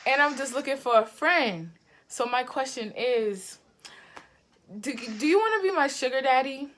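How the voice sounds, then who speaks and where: A young woman of eighteen with a Boston accent, her voice pitched a little high and swooping up and down as she teases. She talks playfully, setting up deadpan questions over a phone video chat. A faint hiss sits behind her. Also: normal speed. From Boston, USA. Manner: playful, teasing, deadpan setups. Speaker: vlogger chatting with strangers. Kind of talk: casual video-chat prank. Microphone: phone on a video-chat app.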